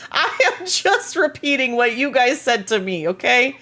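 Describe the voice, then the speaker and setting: A woman's voice: high-pitched, pushed and bright. A woman game streamer in casual live-stream chat, bubbly and playful as she talks to her viewers.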